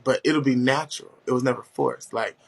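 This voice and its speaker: A man hosting a casual chat, telling stories in a loud, profane, animated way with big jumps in pitch. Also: a little fast, vocal fry. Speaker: host.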